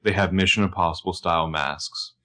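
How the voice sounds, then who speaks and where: A man co-hosting a podcast, recapping a TV episode in casual chat and acting out the characters' lines with bursts of shouting. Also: brisk. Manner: animated, acts out characters' lines in shouts and high voices. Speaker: podcast co-host.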